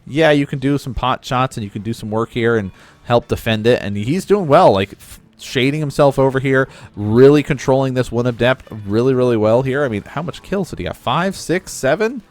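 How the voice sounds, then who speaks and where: A man's voice: medium pitch, animated, normal speed. A man giving casual play-by-play commentary on a real-time strategy match, explaining the strategy as he goes. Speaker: game caster.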